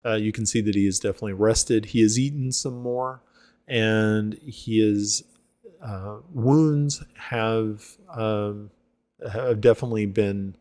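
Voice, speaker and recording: A man's voice: fairly low pitch, a little mellow, dry recording. A man narrating as game master of a tabletop game, hesitant, with many fillers.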